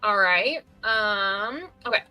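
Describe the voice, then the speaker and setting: A woman's voice: medium pitch, lively intonation, slow pace, sharp tone, smooth, soft background music, rough recording. A woman player in a tabletop game, talking casually and hesitantly with lots of fillers.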